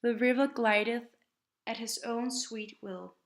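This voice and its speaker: A woman reciting a classic poem in measured, deliberate phrasing. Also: a little high, fairly even intonation. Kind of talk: poetry recitation. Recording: echoey room.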